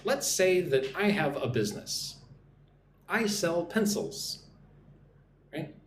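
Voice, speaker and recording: An American man teaching business English on a live stream, speaking slowly and clearly and often checking in with "right?". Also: high voice, expressive, reverberant, slight background noise. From United States.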